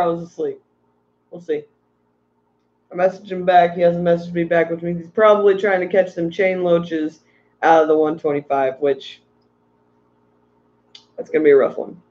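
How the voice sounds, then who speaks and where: High-voiced tired man rambling on a stream. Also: normal speed, pauses often, highs cut off. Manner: rambling, ranting, reads chat aloud. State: tired from little sleep. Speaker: aquarium fish livestream host. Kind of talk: casual livestream chat.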